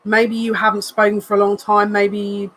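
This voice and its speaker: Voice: medium pitch, monotone, moderate pace, gravelly, a bit bright, rough recording. A psychic reader giving a live tarot card reading in an earnest, emotional way, repeating phrases and thinking aloud as they turn the cards. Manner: emotional, says they are near tears.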